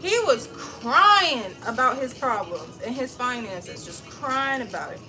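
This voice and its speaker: A woman in her thirties, a livestream host, venting to her viewers in casual, blunt, animated talk with plenty of swearing. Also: a little high, measured pace, over music, low-quality recording. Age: 30s.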